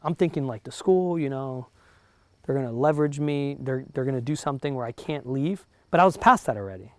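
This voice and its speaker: A real estate broker with a New Jersey accent gives a motivational talk to a live group of realtors, keeping it conversational and checking in with the audience often. His medium-pitched voice is fast with lively intonation and a darkish tone, and there's no echo.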